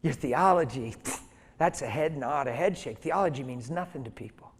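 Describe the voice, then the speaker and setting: A middle-aged man preaching through a personal story, animated and emphatic, acting out the voices of the people in it. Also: medium pitch, moderate pace, husky. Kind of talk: storytelling sermon. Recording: long hall reverb.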